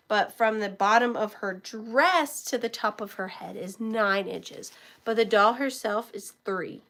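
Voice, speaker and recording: A woman's voice: on the high side, creaky, a bit bright. A woman with a sore throat from talking, running a live-stream auction from home and chatting with viewers by name as she shows each item. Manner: chatty, greets viewers by name while showing items. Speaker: online reseller hosting a live auction. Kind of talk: live-stream selling chat.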